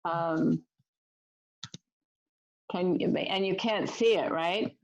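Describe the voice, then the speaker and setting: Woman, guest speaker, slow deliberate reading, video call audio. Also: lowish voice, creaky, highs cut off.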